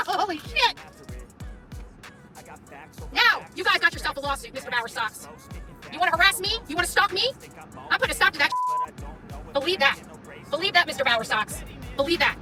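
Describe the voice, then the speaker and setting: A woman's voice: extremely high pitch, lively intonation, normal speed, pauses often, recorded from a distance, music in the background. A woman live-streaming from her car, heatedly confronting and taunting someone, with a repetitive, combative way of talking. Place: in a car in traffic.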